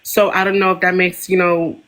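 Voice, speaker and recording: A caller with a DC-area American accent plays a job applicant, deferential and full of fillers. The voice stays flat in pitch and has a bright tone. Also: moderate pace. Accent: American, Washington DC area. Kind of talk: role-play job interview.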